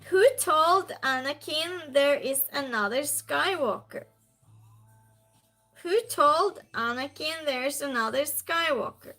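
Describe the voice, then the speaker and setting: A woman's voice: sits high, takes it slowly, pushed and bright, faint music behind. A woman hosting a trivia live stream in a casual chat style, reading viewer comments aloud and greeting viewers by name. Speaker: trivia night stream host.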